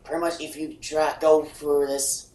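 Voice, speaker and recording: A performer voicing a robot bear stuck with a raspy, cracking high voice in a real-time game fandub. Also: flat delivery, a little slow, darkish tone, natural voice. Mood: grumbling. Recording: roomy, distant, faint background noise.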